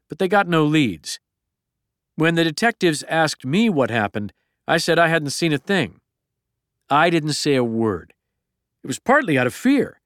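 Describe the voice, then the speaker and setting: A middle-aged man narrating a memoir audiobook in a plain, measured storytelling manner. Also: mid-range voice, smooth, no echo, clean studio sound.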